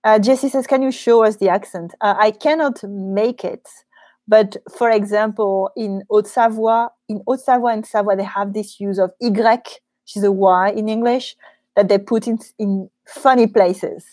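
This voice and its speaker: Woman, French accent, chatty teacher, mid pitch, dry studio room. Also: fairly even intonation, normal speed, warm tone, dry recording. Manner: chatty, laughs easily, frequent ums. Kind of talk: live Q&A chat. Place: small studio room in a co-working office.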